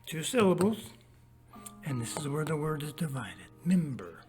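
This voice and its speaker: This teacher's medium-pitched voice is very animated, with faint music playing behind it. After reading a storybook passage aloud, the teacher talks straight to young listeners and walks them through a worksheet, going slowly and spelling out every step.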